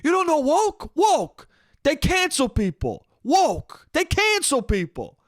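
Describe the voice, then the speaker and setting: Young man doing his loud, insistent shouting uncle. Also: high voice, sing-song, moderate pace, no room sound, studio quality. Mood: shouting insistently. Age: young adult. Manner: shouting, insistent, won't explain. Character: loud older uncle shouting the same word.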